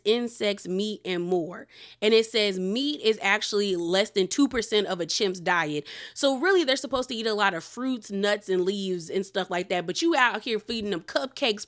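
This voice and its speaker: A woman recaps a documentary episode in a loose, chatty way. Her voice sits at a middle pitch. She talks animatedly, exclaiming and laughing as she goes. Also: fairly bright tone. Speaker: show reviewer. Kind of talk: casual recap.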